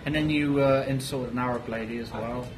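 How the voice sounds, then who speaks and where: A man's voice: medium pitch, steady tone, fairly quick, crowd noise, low-quality recording. A young man in casual banter with friends, teasing and prompting the others with questions. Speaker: co-host asking questions.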